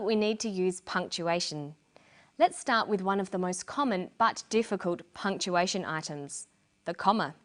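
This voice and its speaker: A middle-aged woman presenting an English lesson in scripted narration, explaining clearly and deliberately. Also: medium pitch.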